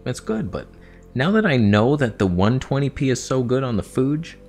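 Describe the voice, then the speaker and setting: A young man talking casually in a vlog, animated, swearing and talking to himself as he reviews cameras. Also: mid-range voice, normal speed, soft background music.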